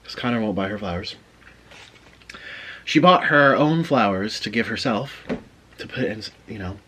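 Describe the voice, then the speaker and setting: A man's voice: fairly low pitch, animated, normal speed, sharp tone, a little hiss or hum. A man vlogging, telling a chatty story in a casual way between bites of food. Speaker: mukbang vlogger. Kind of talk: casual storytelling while eating.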